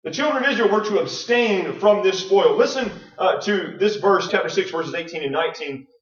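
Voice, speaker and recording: High-voiced preacher in an echoey church. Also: male voice, animated, brisk. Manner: earnest, with frequent fillers and restarts, reading scripture aloud. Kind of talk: sermon. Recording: muffled, roomy, distant mic.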